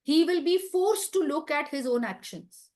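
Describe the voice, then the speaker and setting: Lady teaching a group, talks emphatic and chatty, asks lots of questions, bit high voice. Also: unhurried, a little mellow. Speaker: wellness talk speaker. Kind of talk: light-hearted teaching talk.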